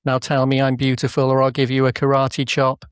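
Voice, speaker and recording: A man's voice: mid-range voice, monotone, brisk, clean tone, dry recording, clean studio sound, natural voice. A man doing an impression of a vain, bossy female puppet pig who speaks haughtily, flirting and threatening in turn. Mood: haughty.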